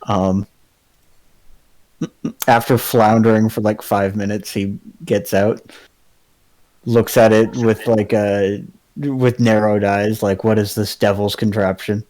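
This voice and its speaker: Man, tabletop player, low voice, slow rambling delivery. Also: flat delivery, a little mellow. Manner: meandering, many fillers. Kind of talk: describing his character's actions.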